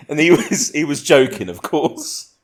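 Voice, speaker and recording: A man hosting a casual podcast, telling rambling stories and laughing often. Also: on the high side. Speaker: podcast host.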